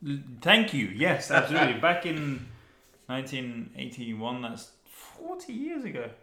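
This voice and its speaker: Casting note: lively, bright-voiced male co-host who swears freely, in a roomy space. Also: medium pitch, measured pace, slight background noise. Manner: animated, swearing, reads lyrics aloud in mock-dramatic tones. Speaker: podcast co-host. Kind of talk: casual chat reacting to song lyrics.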